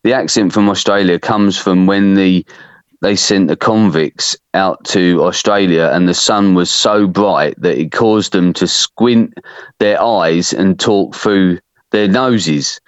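A man's voice: deep voice, slow pace, clean tone, no echo. A man with an English accent, a dairy farm worker and guest, talking in casual chat with dry, self-mocking humor. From England. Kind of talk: casual chat over a phone call. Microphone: phone call. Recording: muffled phone-line audio.

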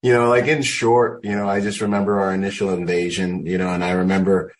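A man in his forties, a Marine combat veteran and interview guest, telling animated war stories on a video call from home and dropping "man" and "you know" throughout. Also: sits low, a little fast, slight background noise. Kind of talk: casual storytelling on a video call.

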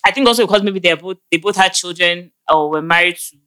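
A woman's voice: on the low side, fast talker, sharp tone. A young Nigerian woman co-hosting a casual podcast, gossiping animatedly and laughing easily. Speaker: podcast co-host. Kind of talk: casual chat.

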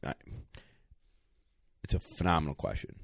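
A man's voice: normal speed, no room sound, studio quality. A man answering questions on a podcast as a dog trainer, blunt and plain-spoken, a little out of breath. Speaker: retriever trainer, guest. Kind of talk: casual podcast advice.

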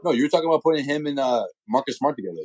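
A man's voice: medium pitch, expressive, racing, a little mellow, no echo, poor audio. A man co-hosting a casual sports talk show, slangy, profane and joking. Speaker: podcast co-host.

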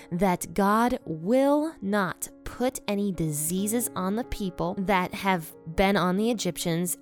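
A woman casually reading and explaining a Bible passage in a chatty, relaxed way, her voice slightly worn. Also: lowish voice. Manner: chatty and relaxed, with light chuckles and asides. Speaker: Bible study teacher.

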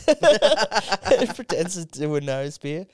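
A young man co-hosting a casual podcast, rambling through sweary stories and mimicking people in high voices. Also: sing-song, slow pace, no echo, studio quality. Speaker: podcast co-host.

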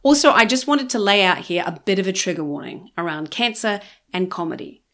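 A woman's voice: medium pitch, very animated, fairly bright tone. A woman in her forties with a New Zealand accent, hosting a podcast interview in a playful, theatrical way. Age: 40s. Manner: playful, theatrical, quick-witted. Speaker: podcast host.

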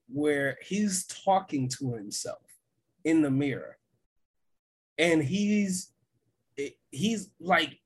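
A man co-hosting a podcast, talking in a casual, excitable way with lots of fillers and laughs. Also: on the high side, husky. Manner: excited, laughs often, many fillers and restarts. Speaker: podcast co-host. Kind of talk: casual chat.

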